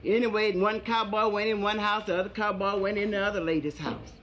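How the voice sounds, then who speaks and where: A woman's voice: medium pitch, fairly even intonation, a little fast, rough recording. A woman stand-up comedian telling bawdy jokes in an earthy, sassy manner. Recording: live club recording with loud audience. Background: audience laughing.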